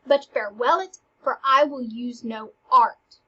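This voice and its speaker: A woman's voice: on the high side, husky, dull audio. A woman voicing a pompous, rambling old male courtier who loves hearing himself talk. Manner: slow, loud, overblown delivery.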